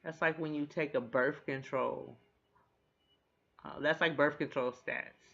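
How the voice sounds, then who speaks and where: A man giving a casual, animated recap of a TV episode. He talks in a chatty way, swears freely and laughs along with the jokes. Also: fairly high pitch, a little slow, vocal fry, dull audio. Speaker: TV recap host.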